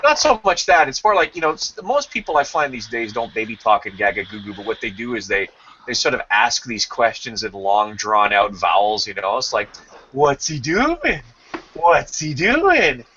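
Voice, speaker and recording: A man's voice: lowish voice, fairly quick, sharp tone, slight background noise. A man hosting a casual chat, telling jokey anecdotes and acting out voices, on slightly dull lo-fi stream audio. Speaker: podcast host.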